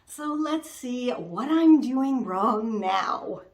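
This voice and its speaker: High-pitched woman gushing over her diy makeover, slow and unhurried. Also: lively intonation, echoey room. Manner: gushing, enthusiastic. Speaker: DIY refashion vlogger and host. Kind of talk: upbeat craft vlog.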